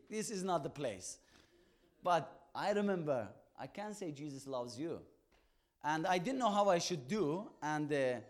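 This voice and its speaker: High-voiced man preaching a testimony. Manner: emphatic, acts out both sides of dialogues; halting non-native English phrasing. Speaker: evangelist. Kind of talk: testimony storytelling.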